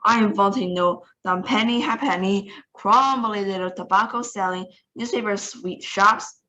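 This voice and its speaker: This is a tiny, ferocious witch leader who rules by shouting and shrieking, voiced by a woman reading aloud. She is commanding and scornful, bossing her listeners about in a storybook voice. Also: medium pitch, unhurried, lo-fi sound, a little hiss or hum, natural voice. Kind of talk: read-aloud storybook acting.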